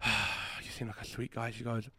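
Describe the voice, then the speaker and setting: A podcast host tells a story in casual conversation, swearing freely and animatedly acting out other people's quoted lines. His mid-range voice is husky and moderately paced on a dry recording.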